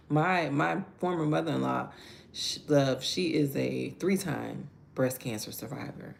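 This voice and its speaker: A woman hosts a casual live-stream devotional, chatting with viewers and greeting each one by name. Her voice sits low and carries a heavy gravelly fry. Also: steady tone, slow, slight background noise. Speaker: devotional livestream host.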